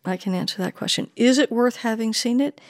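A woman's voice: on the high side, a little fast. A woman being interviewed, telling her own story with animation and acting out the dialogue she recounts. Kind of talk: personal storytelling.

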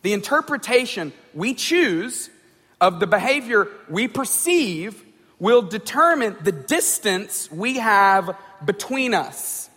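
High-voiced man speaking in a hall. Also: very animated, slow pace, bright, forceful tone, breathy edge. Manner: conversational, repeats words, checks in with "right?" and "okay?". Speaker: speaker addressing a group. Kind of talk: informal talk on communication.

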